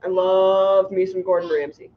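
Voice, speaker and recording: A woman's voice: mid-range voice, steady tone, moderate pace. A middle-aged woman chatting casually on a livestream, rambling and giggling as she reads comments. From United States. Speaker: fishkeeping livestream host. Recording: muffled lo-fi stream audio.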